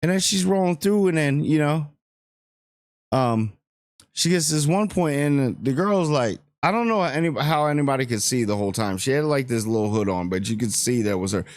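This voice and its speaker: A man giving a casual, rambling spoiler review of a TV episode, joking and acting out characters in quick asides. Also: mid-range voice, lively intonation, dry recording. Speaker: show reviewer.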